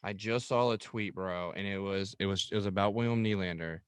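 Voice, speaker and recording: A man co-hosting a hockey podcast in relaxed casual chat, speaking with easy slang. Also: low voice, fairly quick, clear, resonant tone, no echo. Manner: relaxed, laid-back, frequent slang. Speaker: podcast co-host.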